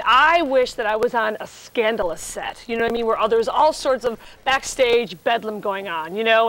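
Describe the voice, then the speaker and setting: A woman in her thirties, a celebrity guest on a comedy talk show, telling lively stories and acting out voices. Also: a little high, rough recording. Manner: animated, chatty, does voices in her stories.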